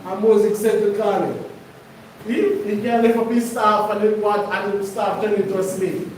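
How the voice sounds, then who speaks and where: Man preaching, emphatic, keeps asking the room stuff, high voice, way off mic. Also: steady tone, normal speed, darkish tone, a little hiss or hum. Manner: emphatic, asks the congregation questions. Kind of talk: conversational preaching. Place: congregation hall. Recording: echoey room, mic far off.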